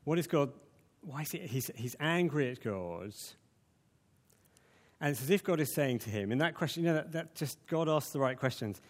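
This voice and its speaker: A man's voice: fairly high pitch, animated, normal speed, big-room sound. A man preaching a conversational sermon, full of fillers and restarts.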